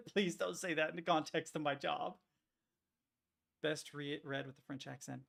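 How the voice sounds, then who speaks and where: A man's voice: on the high side, a little slow, gravelly. A man streaming, chatting casually in a rambling way with frequent swearing and restarts. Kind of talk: casual rambling chat while working on stream.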